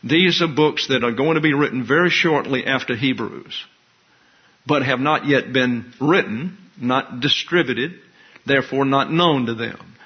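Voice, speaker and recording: Husky-voiced man preaching, lo-fi. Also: medium pitch. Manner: wry, conversational teaching with asides. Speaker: pastor. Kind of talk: expository sermon. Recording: dull lo-fi recording.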